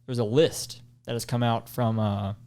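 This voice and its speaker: A man's voice: medium pitch, steady tone, normal speed, a little mellow. A man co-hosting a casual podcast chat, explaining things at length with lots of ums and restarts. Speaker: podcast co-host.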